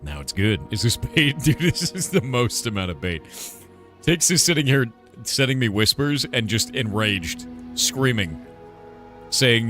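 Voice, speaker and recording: A man's voice: on the low side, lively intonation, moderate pace, fairly bright tone. A man streaming a game, giving casual commentary and playfully teasing chat with silly mispronunciations. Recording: faint music behind.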